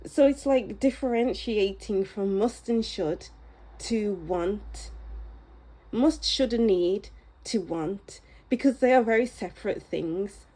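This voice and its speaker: A woman giving a pick-a-card tarot reading in a soft, musing, unhurried way that often sinks to a low near-whisper. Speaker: tarot reader.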